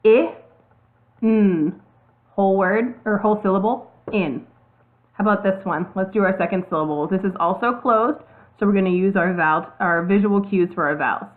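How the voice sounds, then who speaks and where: A woman's voice: medium pitch, fairly quick. Female teacher, patient step-by-step delivery, letters spelled out, narrow phone-like sound. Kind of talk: classroom video lesson. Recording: tinny phone-like audio.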